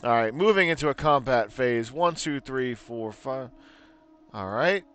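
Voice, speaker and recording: A man's voice: medium pitch, animated, measured pace, fairly bright tone, soft background music. Joking man commentating a card game. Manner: joking, laughs at his own bits. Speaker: gameplay commentator.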